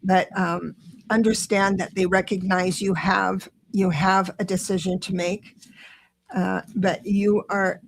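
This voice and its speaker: A woman hosting a live-stream tarot reading, chatty and encouraging, talking quickly with many restarts. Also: medium pitch, level tone, vocal fry, slight background noise. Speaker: tarot reader and show host.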